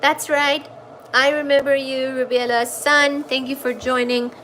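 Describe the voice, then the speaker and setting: High-voiced woman chatting on a livestream. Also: little pitch movement, measured pace, fairly bright tone, slight background noise. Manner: chatty, coos in baby talk at her cat. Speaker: livestream host reading chat. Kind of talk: casual livestream chat. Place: at home.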